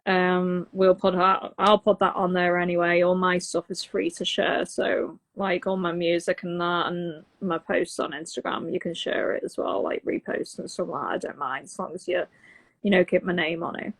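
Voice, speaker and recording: A woman's voice: lowish voice, flat delivery, moderate pace. A woman with a London accent co-hosting a podcast, talking in an earnest, open way in casual chat. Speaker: podcast co-host, singer.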